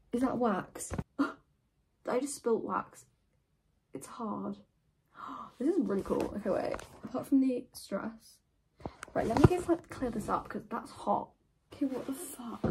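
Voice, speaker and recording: A teenage girl chatting excitedly in a casual vlog from her bedroom. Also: on the high side, normal speed, background noise. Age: teens. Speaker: vlogger. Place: bedroom at home.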